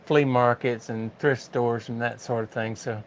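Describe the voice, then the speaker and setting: Older man, casual livestream host, reads chat comments, laughs easily, mid-pitched voice. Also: steady tone, measured pace. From rural United States.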